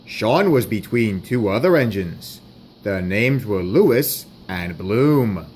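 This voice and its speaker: A man narrating a homemade toy-train story, plain and wry with deadpan asides. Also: fairly low pitch, takes it slowly, a little hiss or hum.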